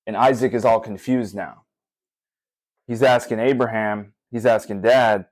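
A man's voice: on the low side, steady tone, a little slow, no echo, poor audio. A man, a father, preaching earnestly on a podcast, speaking directly to listeners and often repeating his points. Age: young adult or middle-aged father. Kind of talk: podcast sermon.

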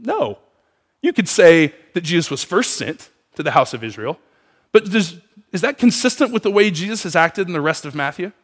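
Man, pastor, sermon, animated questioning, bright lively pitch, reverberant hall. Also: moderate pace. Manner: animated, asks the room questions. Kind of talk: sermon to a congregation.

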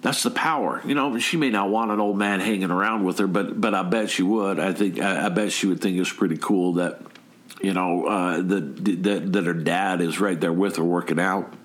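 A man's voice: deep voice, fairly even intonation, normal speed. A middle-aged man giving a motivational talk, emphatic, firing rhetorical questions and often repeating or restarting words. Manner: frequent word repeats and restarts. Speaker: motivational speaker.

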